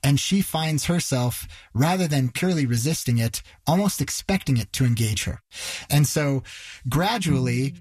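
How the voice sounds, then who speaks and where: A man's voice: mid-range voice, expressive, moderate pace, a little mellow, slightly rough, no echo. A male reporter retelling a story in a conversational, vivid way. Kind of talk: narrated news storytelling.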